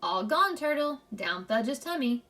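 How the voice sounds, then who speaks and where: A woman voicing a mischievous toddler boy in a children's book read-aloud, speaking in high, clipped baby talk. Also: big pitch swings, unhurried, a bit bright, far from the mic. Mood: gleeful. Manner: high babyish clipped words.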